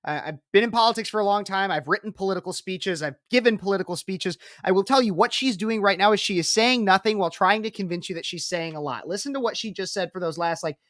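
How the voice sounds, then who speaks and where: A woman's voice: mid-range voice, fast talker, few pauses, no echo. A woman political commentator reacting to a speech clip, talking in an emphatic, repetitive and combative way.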